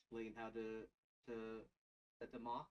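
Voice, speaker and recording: Slow, halting game master man. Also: medium pitch, monotone, darkish tone, distant mic, lo-fi sound. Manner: slow, halting narration with many fillers. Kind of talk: narrating a tabletop game.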